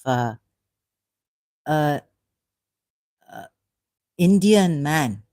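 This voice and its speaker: A woman hosting a live stream, slowly and indignantly scolding commenters in the chat. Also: sits low, animated, mellow. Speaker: channel host answering live chat.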